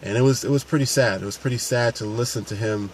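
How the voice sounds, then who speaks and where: The man, a paramedic and fitness coach, talks fast at a medium pitch in a casual, unscripted piece to camera. He comes across as earnest, restarting often, and there's slight background noise.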